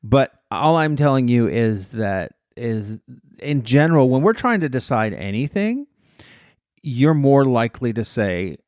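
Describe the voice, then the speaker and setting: A man's voice: medium pitch, very animated, a little slow, darkish tone, no room sound, studio quality. Joking American man quizzing his wife. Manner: joking, playfully defensive. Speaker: podcast co-host. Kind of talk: casual chat.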